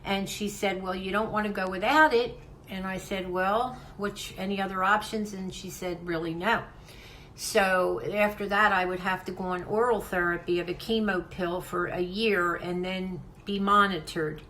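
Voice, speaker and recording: An older woman talks to her viewers at home in a heartfelt, rambling way, often stopping to restart a sentence. Her pitch is average, and a faint hum runs under the voice. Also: fairly even intonation, moderate pace, a bit bright, rough recording. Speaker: craft channel host. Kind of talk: casual vlog talk to viewers.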